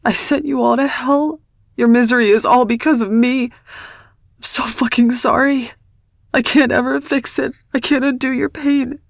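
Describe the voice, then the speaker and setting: A woman's voice: lowish voice, flat delivery, normal speed, darkish tone, dry recording, studio quality. Woman voicing a guilt-wracked young heroine. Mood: anguished. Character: guilt-stricken young woman, raw and desperate. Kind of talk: audiobook character dialogue.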